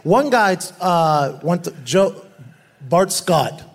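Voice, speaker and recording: Animated, profane storytelling man. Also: high-pitched, slow pace, creaky. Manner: animated, profane, acts out quoted voices. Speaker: guest, former football player. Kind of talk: casual storytelling.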